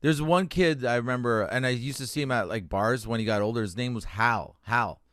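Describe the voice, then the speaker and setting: A man's voice: mid-range voice, brisk, a bit bright, no echo. A Canadian man telling a personal story on a radio show, his voice open and emotional, with frequent swearing and broken-off restarts. He sounds close and dry, with no room around him. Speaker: comedian guest. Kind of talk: candid interview storytelling. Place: radio studio.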